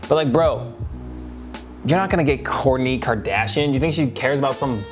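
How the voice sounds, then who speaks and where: A man's voice: mid-range voice, moderate pace, soft background music. A man reviewing a reality show, sarcastic and crude, laughing often at the clips. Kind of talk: comedic commentary over clips.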